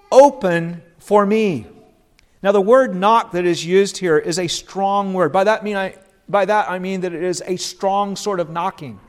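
A man preaching an expository sermon in an earnest voice, acting out quoted lines and dropping low and quiet at times.

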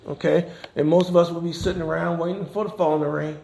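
A man delivers a conversational sermon, repeatedly checking in with "okay?". His voice is slightly high and gravelly. The church room is echoey, with faint noise in the background. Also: steady tone, fast, darkish tone. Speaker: pastor and chaplain. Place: church sanctuary.

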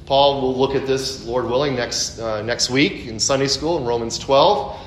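A man preaching a conversational expository sermon, full of asides and rhetorical questions. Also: normal speed. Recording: echoey room, faint background rumble.

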